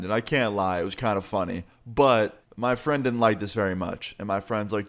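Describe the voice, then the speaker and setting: A man's voice: fairly low pitch, normal speed, few pauses. Profane laid-back male storyteller. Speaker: vlogger. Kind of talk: casual storytime.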